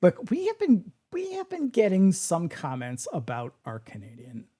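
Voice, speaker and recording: A podcast co-host chats casually, blunt and opinionated, joking and swearing with ease. The pitch is mid-range but very lively, rising and falling freely. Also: normal speed, slightly rough. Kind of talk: casual chat.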